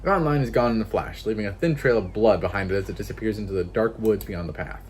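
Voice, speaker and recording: A man's voice: lowish voice, fast talker, darkish tone, slight background noise. A man reading a narrative game aloud with casual, swearing commentary and laughing asides. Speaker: gameplay streamer.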